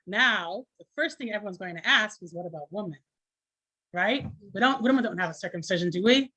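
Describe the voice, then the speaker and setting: A woman's voice: medium pitch, lively intonation, fairly quick, bright, forceful tone. A woman teaching an informal class, chatty and conversational, with many fillers and restarts.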